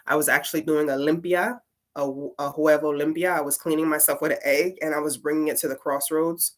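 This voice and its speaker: Woman storyteller, deep voice, rambling casual monologue, filler-heavy and profane. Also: steady tone, fairly quick. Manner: rambling, full of "like" fillers and swearing. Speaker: tarot reader and poet.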